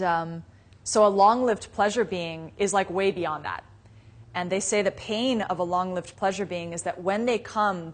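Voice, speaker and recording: A woman teaching a live meditation class. She talks casually and tells stories with light laughter. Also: mid-range voice. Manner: casual and conversational, many "you know"s and asides; storytelling with frequent light laughter. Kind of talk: live Buddhist dharma class talk.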